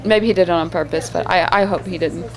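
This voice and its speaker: A woman's voice: fairly low pitch, fairly even intonation, fast talker. A woman who performs as a living statue, telling stories in a casual interview, with many fillers and restarts.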